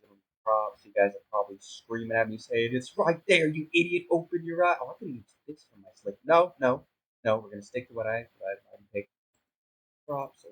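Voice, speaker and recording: A man's voice: on the low side, low-quality recording. A young man giving casual, self-mocking commentary on a sandbox building game, flustered and rambling as he fumbles along. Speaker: gaming YouTuber.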